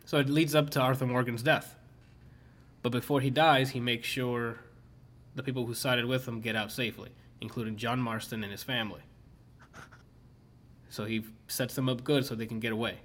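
A male streamer in a loose, casual chat, his voice at an ordinary middle pitch. He rambles, restarts and leans on filler words, with plenty of swearing mixed in. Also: fairly even intonation, moderate pace, pauses often, fairly bright tone, a little hiss or hum.

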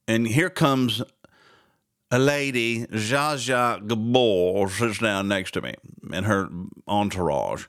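A man's voice: fairly low pitch, a bit bright. A man hosting a casual talk show, rambling and sarcastic and laughing often between asides. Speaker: radio host.

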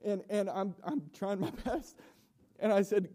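A young man preaching an emotional sermon in a church, halting and repeating himself with nervous laughs. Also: high voice, warm tone. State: emotional, coughing.

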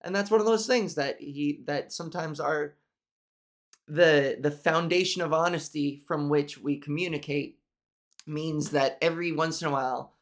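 A woman's voice: low voice, normal speed. A woman hosting a solo podcast, talking in a nasal voice, candid and profane, rambling with restarts. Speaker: podcast host.

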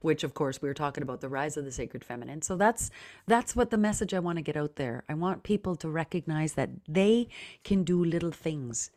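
A low-voiced middle-aged woman talks as a podcast guest. She is earnest and reflective, and she laughs easily between thoughts. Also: lively intonation, fairly quick, darkish tone. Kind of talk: casual interview talk.

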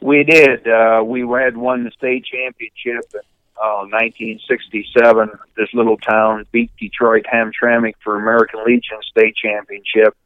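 Older male guest, Michigan-raised, resonant, dry close mic, animated storyteller. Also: on the low side, moderate pace, smooth, no echo, phone-quality sound. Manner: animated anecdote teller, mimics yelping dogs and shouting people. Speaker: podcast guest, retired baseball pitcher. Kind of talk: casual storytelling chat.

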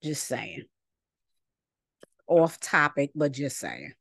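A woman's voice: sits low, very animated, takes it slowly, gravelly, fairly bright tone, husky, no room sound, studio quality. A woman teaching a scripture lesson in a chatty, colloquial way, reading passages and breaking off into asides. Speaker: Bible teacher.

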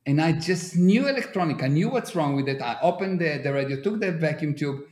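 A man's voice: a little high, expressive, fairly quick, a little mellow. A man with an Israeli accent explaining ideas earnestly in a casual podcast chat, using everyday examples and non-native grammar. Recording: roomy echo.

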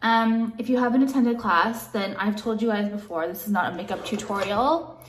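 A woman's voice: medium pitch, normal speed, reverberant, a little hiss or hum. A woman makeup vlogger ranting at home, exasperated and profane, with "like" in nearly every sentence. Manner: exasperated, profane, heavy use of "like". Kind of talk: ranting vlog monologue.

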